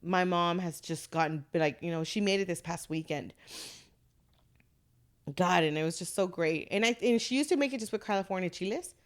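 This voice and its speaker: A woman chef chatting casually, animated and laughing often, swearing freely. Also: on the low side, moderate pace. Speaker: chef, guest. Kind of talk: casual tipsy chat.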